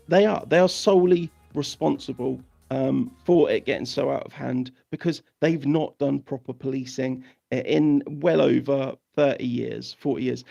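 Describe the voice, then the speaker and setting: A man hosting a news commentary, ranting angrily with profanity, repetition and halting restarts. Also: medium pitch, creaky, warm tone. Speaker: host.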